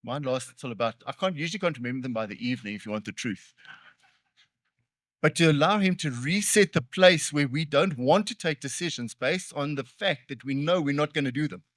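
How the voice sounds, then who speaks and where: A man's voice: on the high side, brisk, fairly bright tone, no room sound. A man preaching a sermon in a conversational way, with earnest emphasis and joking, self-deprecating asides. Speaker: pastor.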